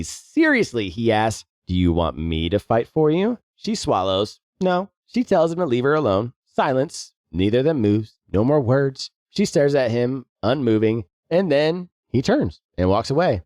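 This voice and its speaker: Give me a lively, playful man retelling a novel's plot on a podcast, in a dry, close recording. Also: medium pitch, no echo. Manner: playful, joking retelling with some swearing. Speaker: podcast co-host. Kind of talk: casual book discussion.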